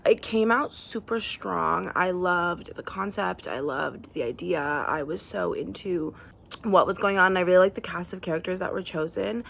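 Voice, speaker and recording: A woman's voice: on the low side, vocal fry, a bit bright, slight background noise. A young woman book vlogger talking casually and effusively, thinking aloud with plenty of fillers while sitting outdoors on her deck. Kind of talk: casual chat.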